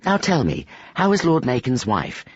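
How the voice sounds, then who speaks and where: Tired woman magician, as a man puts her on, husky, dry dull sound. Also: mid-range voice, huge pitch swings, moderate pace, dry recording, voice pushed up. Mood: weary chat.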